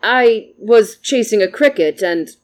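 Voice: medium pitch, animated, measured pace, natural voice. A storyteller voicing an innocent, polite young boy asking earnest questions. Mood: curious.

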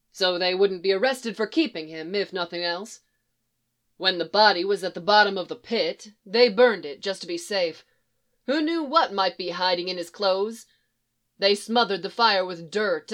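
Female storyteller, calm reading voice, mid-range pitch. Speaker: narrator. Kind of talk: scripted story narration.

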